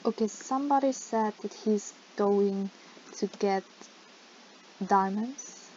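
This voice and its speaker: A woman giving playful let's-play gaming commentary with sudden loud outbursts, her voice cracking. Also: medium pitch, slow. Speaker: gaming YouTuber. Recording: slightly dull lo-fi mic with faint noise.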